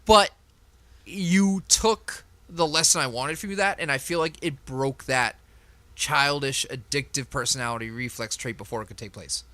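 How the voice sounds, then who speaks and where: A man's voice: mid-range voice, moderate pace, sharp tone, no echo. A man who runs a tabletop game, chatting with his group in an emphatic, reflective way and laughing often. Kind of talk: casual group chat.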